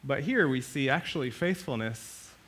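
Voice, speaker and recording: A male pastor preaching a sermon, animated, swinging between loud and soft and acting out the quotes. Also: medium pitch, normal speed, breathy edge.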